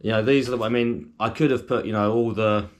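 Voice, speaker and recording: Low-voiced chatty male food vlogger. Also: fairly even intonation, brisk. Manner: chatty, rambling, with frequent ums and fillers. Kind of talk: casual food review to camera.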